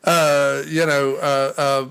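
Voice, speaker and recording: A man co-hosting a casual film podcast, animated and swearing freely. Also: on the high side, slow, gravelly, clear, resonant tone. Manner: animated, swearing, quoting movie lines in a raised voice. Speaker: podcast co-host.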